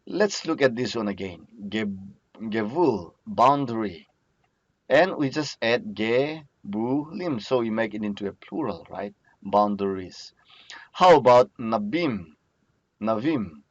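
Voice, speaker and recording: A man with a lowish voice and talks through a recorded lesson at an unhurried pace, repeating each word to drill it. The sound is dry and dull, like a plain lo-fi recording. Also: animated, dry recording. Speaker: Biblical Hebrew teacher. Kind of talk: recorded lecture over slides.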